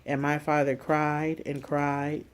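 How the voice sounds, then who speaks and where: A vlogger speaking straight to viewers in a steady, flat tone, close to tears. The talk comes haltingly, with many pauses and fillers. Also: mid-range voice, clear, resonant tone. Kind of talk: personal story told to viewers.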